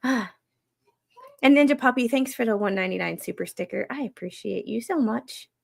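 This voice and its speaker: A woman hosting a casual late-night live stream at home, chatting with her viewers and reacting to stories, laid-back and quick to laugh. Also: on the high side, gravelly. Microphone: streaming microphone.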